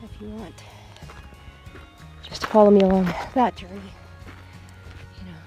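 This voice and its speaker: A hiking vlogger talks in a slow, meandering way, filling gaps with ums as the words drift along. The voice is nasal and congested, and the breathing is heavy from the climb. It is recorded outdoors on a trail, with music playing clearly underneath. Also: mid-range voice, expressive, warm tone, poor audio. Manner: meandering, easygoing, many fillers. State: congested from illness. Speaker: traveling vlogger. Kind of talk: casual rambling vlog talk while hiking.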